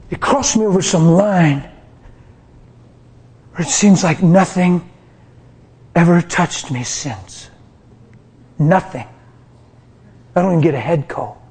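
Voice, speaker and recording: A middle-aged man preaching a testimony sermon, passionate, swinging from hushed whispers to loud cries. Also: on the high side, creaky.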